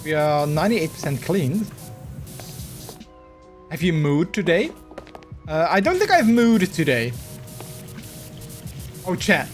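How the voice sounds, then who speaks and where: Man, live streamer, slightly high voice, rambling chatty talk, hiccups, faint music behind. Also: very animated, slow pace, long pauses. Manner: rambling, chatty storytelling with many restarts. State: has the hiccups. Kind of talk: casual live-stream chat.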